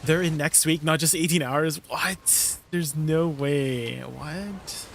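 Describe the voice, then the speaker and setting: During a gaming livestream, a young man reads his chat and riffs on the messages, easily amused and relaxed. He talks slowly in a fairly high voice with vocal fry, over slight background noise.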